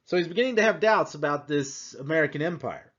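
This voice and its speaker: Animated male history teacher, lo-fi. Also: fairly high pitch, quick pace. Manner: animated, acts out quotes, rhetorical asides. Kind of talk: conversational history lecture.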